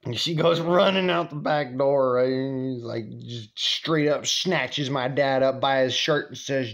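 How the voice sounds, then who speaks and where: A man's voice: mid-range voice, measured pace, few pauses, a bit bright, highs cut off. A man telling a family story in a casual vlog, rambling, swearing freely and laughing often.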